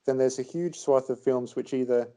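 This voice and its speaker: A man co-hosting a podcast in casual chat, measured and hedging with many fillers. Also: mid-range voice, dark tone. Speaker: podcast co-host.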